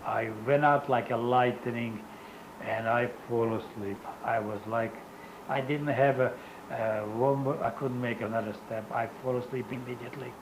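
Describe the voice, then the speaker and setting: Over slight background noise and a rough recording, an older man shares his Holocaust survival story in an oral history interview. His mid-range voice keeps a fairly even intonation, though his non-native English is halting and he often breaks off to find words.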